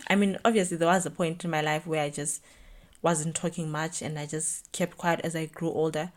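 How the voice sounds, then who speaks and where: A young woman talks through a solo podcast episode. Her voice sits a little low for a woman, and she rambles in a chatty, reflective way, filling her sentences with "like" and "you know". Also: brisk. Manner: chatty, reflective, animated storytelling with lots of "like". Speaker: podcast host.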